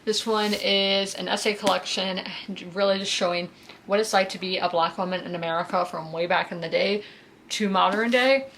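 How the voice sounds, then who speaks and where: Twenties woman from south carolina yapping about books, lots of fry, um and you know everywhere, faint hiss behind. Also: medium pitch, steady tone, normal speed, fairly bright tone. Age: 20s. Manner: chatty, frequent fillers like "you know" and "um". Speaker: book vlogger. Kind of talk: casual chat.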